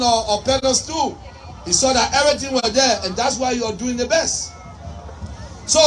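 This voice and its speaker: A man with a Liberian English accent giving a political rally speech, shouting and repeating his points rhetorically. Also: extremely high pitch. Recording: distant mic with crowd and noise.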